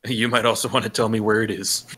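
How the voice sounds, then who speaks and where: Low-voiced guy talking fast, quick jokey asides at the table. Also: steady tone, pushed and bright, a little hiss or hum. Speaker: player. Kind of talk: casual tabletop play.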